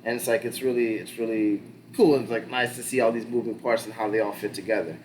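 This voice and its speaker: A man's voice: on the low side, fairly even intonation, fast talker, darkish tone, slight background noise. A man talking loosely as a podcast co-host, rambling through a show recap with lots of fillers, restarts and casual swearing. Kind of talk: casual pop-culture discussion.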